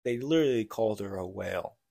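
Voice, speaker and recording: A man's voice: fairly low pitch, animated, quick pace, gravelly, dark tone, no echo, studio quality. A man co-hosting a casual podcast, retelling a book plot in a rambling way and acting out the characters' lines. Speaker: podcast co-host.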